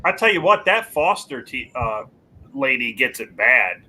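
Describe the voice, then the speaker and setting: A man co-hosting a movie podcast in casual chat, animated and acting out lines from films. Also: medium pitch, unhurried, a little hiss or hum. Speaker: podcast co-host.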